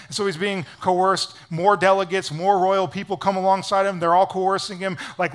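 Man, pastor, sermon, high voice, lively casual storytelling. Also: moderate pace, hardly any pauses. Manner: energetic, casual storytelling with lots of "like".

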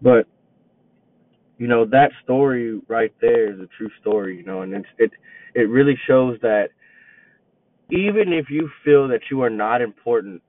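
A young man in his twenties tells a story in a loose, rambling way, circling back and repeating himself as he reflects. His voice sits at a middle pitch. It comes through narrow and tinny, like a phone line, with no room sound. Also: normal speed, pauses often, no echo. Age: 20s. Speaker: teacher and coach. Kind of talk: casual storytelling monologue.

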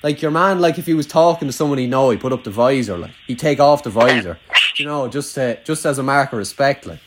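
A man's voice: medium pitch, expressive, quick pace, noisy background. A young man with a rural Irish accent, chatting casually, swearing freely and rambling with lots of "like". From Ireland. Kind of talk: casual chat.

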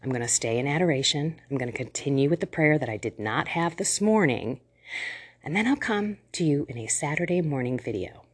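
A middle-aged woman talking into her phone at home, an earnest and emotional faith vlogger who chats warmly and laughs often. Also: deep voice, animated, a little fast, breathy edge. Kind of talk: casual devotional talk to camera. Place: at home, indoors.

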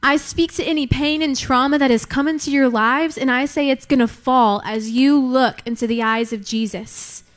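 A woman's voice: sits high, normal speed, hardly any pauses. A young woman preaching a sermon, emphatic, repeating key lines for effect.

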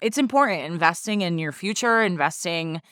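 Low-voiced chatty podcast host woman. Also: expressive, normal speed, fairly bright tone, no echo, studio quality. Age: 30s. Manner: chatty and upbeat, laughs easily, lots of "like". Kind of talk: casual podcast chat.

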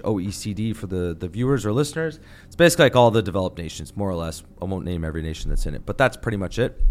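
A man with a somewhat low voice, arguing his point on a podcast. He talks in a heated, emphatic way and often builds into a rant. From Canada. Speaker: podcast guest or host. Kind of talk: podcast discussion.

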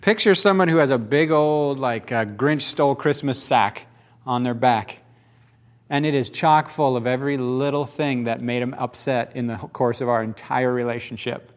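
Speaking at a moderate pace in a mid-range voice, a pastor gives a homey, conversational sermon. Rhetorical questions aimed at the congregation come up often.

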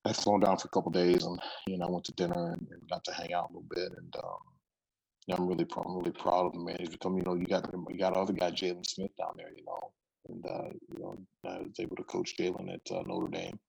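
A man's voice: low voice, quick pace, creaky, slightly rough, poor audio. A middle-aged man, a football coach, telling stories in a casual interview, rambling and restarting his sentences. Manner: relaxed, rambling with frequent restarts.

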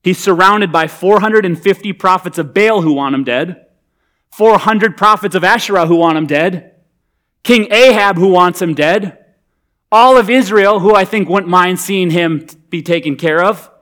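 A man's voice: high-pitched, normal speed, fairly bright tone. A man preaching a sermon in a conversational, humorous, emphatic way. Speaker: pastor.

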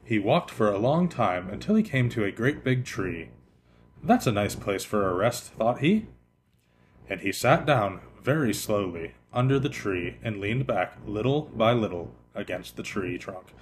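Lively man reading a children's storybook. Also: on the low side, slight background noise. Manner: expressive, lively, slowing for effect. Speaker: podcast host reading children's stories.

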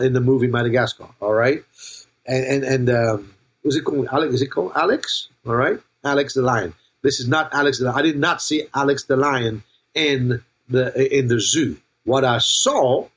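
A man's voice: medium pitch, breathy edge. An older man preaching a sermon as pastor, playful and jokey, calling out to his listeners by name and asking if they are listening. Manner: playful, jokey preaching with laughs and call-outs to the congregation.

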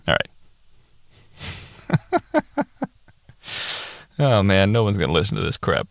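Male podcast host, low and gravelly, casual and self-mocking. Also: animated, measured pace, pauses often, a bit bright, no room sound, clean studio sound. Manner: self-deprecating and mumbling. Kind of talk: casual solo podcast outro and outtakes.

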